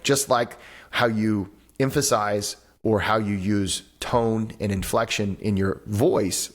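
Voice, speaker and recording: A man, a breathwork teacher and author, talks as a podcast guest over a video call. He explains things with animated energy, acts out little voices and often restarts his sentences. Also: lowish voice. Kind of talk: conversational interview on a podcast.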